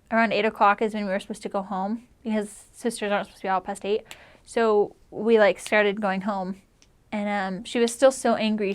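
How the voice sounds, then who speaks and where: A young woman in her twenties telling a personal story in a chatty, earnest way. She strings her thoughts together with a steady stream of "like" and small restarts. Her pitch sits in an ordinary middle range for a woman. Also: clean tone. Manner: chatty, heavy use of "like", earnest. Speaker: returned missionary.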